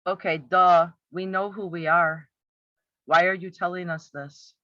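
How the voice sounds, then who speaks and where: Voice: mid-range voice, steady tone, measured pace, dry recording. A commentator picking apart a campaign video with exasperated, sarcastic rhetorical questions. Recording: slightly muffled, dry.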